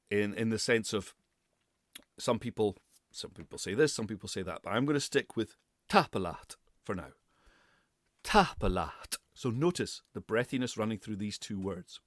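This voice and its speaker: A man giving a pronunciation lesson as a speech coach, deliberately repeating and exaggerating sounds for the listener. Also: medium pitch, no room sound, studio quality.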